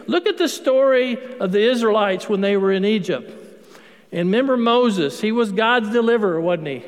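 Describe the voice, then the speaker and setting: A priest giving a sermon in an emphatic, conversational way, repeating words for effect. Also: male voice, high-pitched, normal speed. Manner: conversational preaching, emphatic repetition. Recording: long hall reverb.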